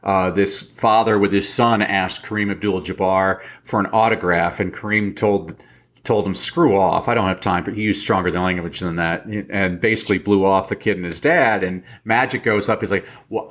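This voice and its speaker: A man as a podcast guest, telling animated stories in casual chat and acting out the quotes. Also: lowish voice. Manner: animated storyteller, acts out quotes.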